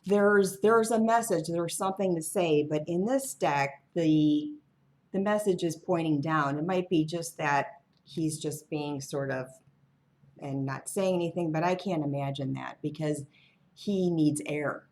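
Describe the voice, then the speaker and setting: Slow, low-voiced woman reading tarot. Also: a little mellow. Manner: musing, wandering, offhand asides. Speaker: tarot reader. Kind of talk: casual tarot reading monologue.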